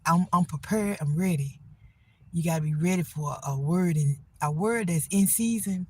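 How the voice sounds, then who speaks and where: On a phone livestream, a middle-aged woman chats casually, rambling earnestly about faith and getting by. Her voice is lowish and husky at a normal speed. She offers plain-spoken, faith-filled encouragement.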